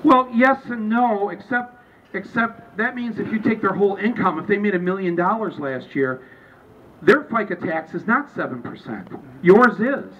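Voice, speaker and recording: A man's voice: high-pitched, animated, moderate pace, a little hiss or hum. A man speaking informally to a live audience at a book event, rambling and restarting his sentences as he goes. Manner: rambling and conversational, with many restarts. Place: store during a book event. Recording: distant, muffled recording with faint ambience.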